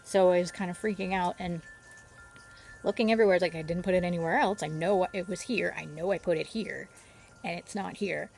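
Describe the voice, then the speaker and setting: A chatty woman tells a meandering story in a relaxed vlog, drifting off topic as she goes. Her voice sits at a middling pitch with a gravelly, fry-tinged edge. There is a faint hiss of noise under the recording. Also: a little fast. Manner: rambling, easily distracted, chatty. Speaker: vlogger. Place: outdoors near birds.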